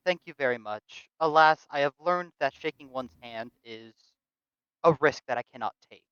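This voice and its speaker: A woman's voice: extremely low pitch, normal speed, a bit bright, echoey room, muffled recording. A player voicing an aloof female samurai noble who speaks stiffly and formally.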